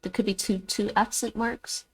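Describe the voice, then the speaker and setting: A woman's voice: mid-range voice, fairly even intonation, moderate pace, husky, low-quality recording. A woman streaming her language practice, thinking aloud and repeating words after an app.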